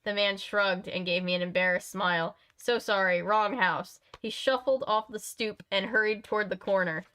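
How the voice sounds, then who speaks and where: A woman's voice: medium pitch, steady tone, moderate pace, hardly any pauses, bright, forceful tone. A woman streamer reading a children's horror book aloud, chatting casually with her viewers between passages. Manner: chatty, uses many fillers. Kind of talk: read-aloud narration with casual chat.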